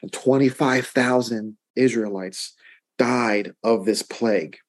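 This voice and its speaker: A man's voice: medium pitch, takes it slowly. A male pastor teaching through a Bible chapter in a conversational way, often checking in with listeners and building emphasis through repetition. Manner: conversational, checks in with "right?" and stacks emphatic repeats.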